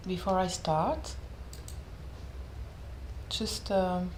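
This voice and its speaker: A woman with a French accent, hosting a live stream and chatting casually with viewers in a gentle way. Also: fairly low pitch, extremely slow, a little hiss or hum. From France. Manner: gentle, checking in with viewers, switching languages. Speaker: host of a live meditation stream.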